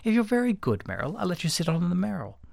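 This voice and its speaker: A man's voice: sing-song, quick pace, gravelly, darkish tone, dry recording, clean studio sound, full character voice. A man doing a squawking, gloating villain. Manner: squawking, shrill and sneering. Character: gloating, knife-twirling nervy male villain.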